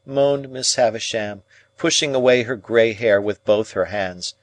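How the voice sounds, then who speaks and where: A man narrating a classic novel as an audiobook, in an unhurried, expressive storytelling manner. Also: lowish voice, no room sound.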